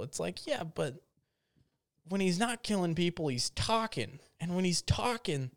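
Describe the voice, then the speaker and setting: Smooth, dry-voiced young man rambling. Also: high voice, animated, unhurried, no room sound. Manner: rambling, filler-heavy, jokey. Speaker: vlogger. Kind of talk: casual storytelling rant.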